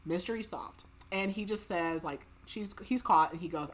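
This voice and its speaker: A woman's voice: on the low side, normal speed. Chatty woman retelling a book plot. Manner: chatty, filler-heavy retelling with quoted dialogue. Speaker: podcast host. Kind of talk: casual book recap.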